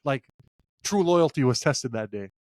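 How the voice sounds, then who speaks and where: A man co-hosting a casual sports podcast, telling animated stories, acting out quotes and laughing often. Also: mid-range voice, moderate pace, no echo, clean studio sound. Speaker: podcast co-host.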